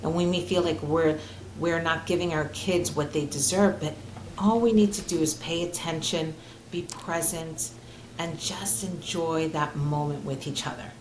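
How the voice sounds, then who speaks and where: A woman in her forties speaks as an interview guest, earnest and heartfelt, her voice sitting a little low. Her talk is loose, full of fillers and restarts. The room rings with echo, and a faint hiss sits under her. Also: steady tone, measured pace. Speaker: guest clinical social worker. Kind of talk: conversational interview. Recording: roomy echo.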